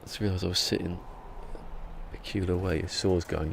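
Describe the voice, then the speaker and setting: A man's voice: low voice, little pitch movement, a little fast, creaky, background noise. A man streaming a game from home, chatting casually and rambling in a self-deprecating way. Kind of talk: casual live-stream chat.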